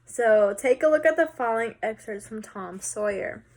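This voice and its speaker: A woman teacher casually walking students through a recorded lesson, talking in a relaxed way with some filler words. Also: on the high side, normal speed.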